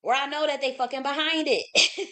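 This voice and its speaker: A woman's voice: sits high, fairly even intonation, moderate pace, bright, forceful tone. Profane, emphatic woman livestreamer. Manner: profane, emphatic, reads scripture aloud. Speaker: live stream host. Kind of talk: casual livestream monologue. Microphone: streaming setup.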